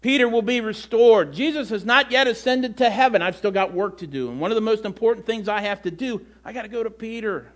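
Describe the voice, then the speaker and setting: A man preaching a sermon, retelling scripture in a conversational, animated way. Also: high voice, brisk, few pauses. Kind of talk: sermon, storytelling.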